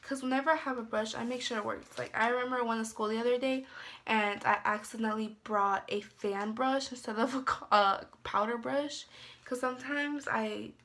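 A young woman talks through her beauty haul in a rambling, chatty way, full of filler words. Her voice sits a little high and is bright, with gravelly fry. A faint hiss runs under the recording. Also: steady tone, moderate pace. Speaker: beauty vlogger. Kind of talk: casual haul chat.

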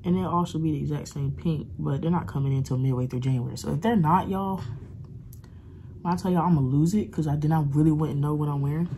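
Young woman vlogger, low voice, rambling casual chat into a handheld phone, noticeable background noise. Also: fast, dark tone. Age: 20s. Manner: chatty, rambling, uses dialect slang. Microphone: phone camera held close.

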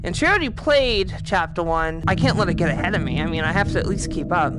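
A woman with a Boston accent giving casual, profane, excitable commentary while playing a VR game. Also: lowish voice, fast, loud music behind the voice. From Boston, USA. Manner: profane, excitable, thinking aloud. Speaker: VR game streamer. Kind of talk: casual let's-play commentary.

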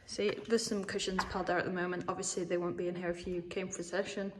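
A young woman with a fairly low voice and level tone gives a quick-paced, casual walking tour of a horse yard where she works. She rambles chattily and coos at the horses.

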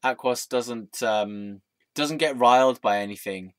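A man's voice: medium pitch, unhurried, a bit bright, smooth, no echo. Young man, vlog monologue, scattered and giggly, swears, loses his thread, dry voice with no room sound. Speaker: vlogger. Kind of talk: rambling stream-of-consciousness monologue.

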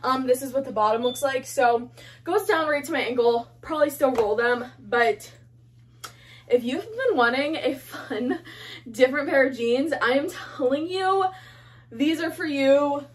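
A young woman chatting excitedly to her phone camera, gushing and chatty, with lots of fillers. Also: high voice, measured pace. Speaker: fashion haul vlogger. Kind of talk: casual excited chat to camera.

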